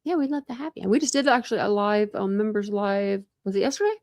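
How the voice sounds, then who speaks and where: A true crime YouTuber in her forties talks fast in a mid-range voice with a darkish tone, chatting casually and rambling on a live stream. She's at home in a room with a couch and a cat, filling her speech with "like." The audio is clean studio sound with no room sound.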